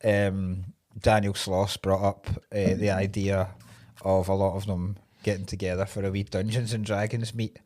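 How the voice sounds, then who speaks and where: Male comedian co-host, lively casual chat, laughs a lot. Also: low voice, normal speed. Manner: giggly, animated, laughs often.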